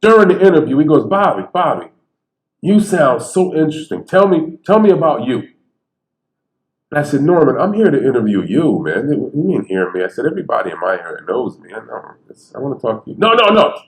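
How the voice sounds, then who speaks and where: A man's voice: medium pitch, brisk. Storytelling man on an echoey stage. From Bridgeport, Connecticut. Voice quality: stutterer. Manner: animated, conversational, acts out quotes. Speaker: speaker telling stories on stage. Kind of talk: storytelling talk. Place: theater stage. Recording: echoey theater.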